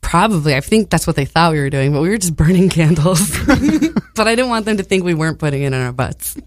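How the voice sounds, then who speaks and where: Woman co-host, lower voice, dry close sound, acts out every quote with big swings. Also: fast, no room sound. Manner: animated, acts out quotes with big pitch jumps, swears. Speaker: podcast co-host. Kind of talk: casual storytelling chat.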